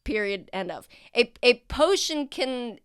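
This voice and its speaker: A woman's voice: on the high side, big pitch swings, unhurried, clear, resonant tone, no room sound, clean studio sound. A woman acting as game master on a tabletop role-play podcast, explaining her rules in a chatty, rambling way with many fillers and restarts.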